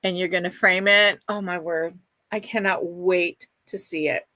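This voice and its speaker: A woman's voice: lowish voice, steady tone, measured pace, pushed and bright, dry recording. A middle-aged woman hosting a casual livestream, chatting and reading viewer comments aloud in a gushing, affectionate way. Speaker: livestream host.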